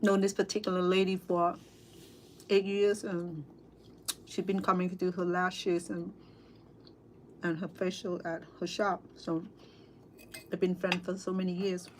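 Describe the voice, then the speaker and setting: A middle-aged woman with a Cambodian accent, chatting casually with livestream viewers over dinner at home, halting, full of fillers and restarts. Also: fairly low pitch, flat delivery, slight background noise. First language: Khmer. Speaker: cooking vlogger and interpreter. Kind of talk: casual livestream chat while eating.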